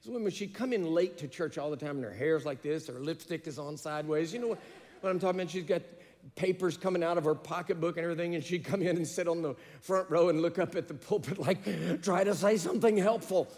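A man's voice: a little high, fast, darkish tone, big-room sound. A man preaching a sermon, telling stories and building to emphatic peaks. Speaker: pastor.

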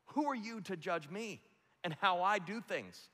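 A man's voice: sits high, lively intonation, a little slow, sharp tone, big-room sound, voice pushed up, exaggerated voice. A man voicing God as an exasperated, stern male figure who mockingly rebukes a listener.

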